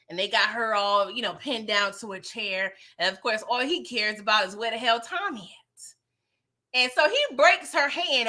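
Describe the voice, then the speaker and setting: Bright, sassy woman recapping a show. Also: a little high. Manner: animated, slangy, sassy, swears freely. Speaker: show reviewer. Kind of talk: casual recap commentary.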